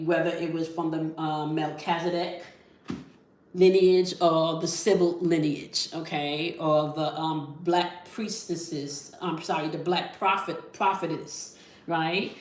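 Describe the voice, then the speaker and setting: A woman leading a spiritual tarot and sound-healing session, calm and instructive, often checking in with the listener. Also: low-pitched, reverberant. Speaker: spiritual reader.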